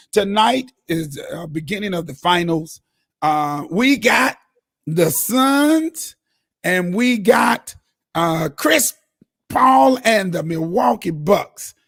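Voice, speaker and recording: A man with a high, gravelly, husky voice hosts a casual sports talk show. He talks in an excitable, preacher-like way full of fillers and restarts, recorded close and dry. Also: no echo. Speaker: host.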